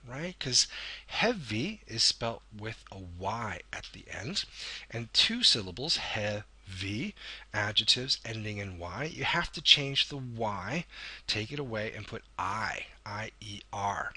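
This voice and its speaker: Speaking on the low side, a man gives a very animated grammar lesson for video at a slightly slow pace, his voice pushed, bright, and a bit breathy. He explains patiently, elongates key words, and fixes his own mistakes.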